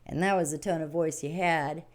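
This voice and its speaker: Middle-aged lady rambling through a spiritual morning chat, plain-spoken, laughs a lot, lowish voice. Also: steady tone, a little fast. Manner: rambling, repetitive, laughs often. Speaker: livestream host. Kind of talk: casual spiritual talk.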